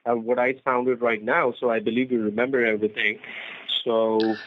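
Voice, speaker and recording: A man on a phone call, speaking in halting, broken phrasing and insisting on his instructions. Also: medium pitch, little pitch movement, noisy background. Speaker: phone scammer. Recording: tinny phone line.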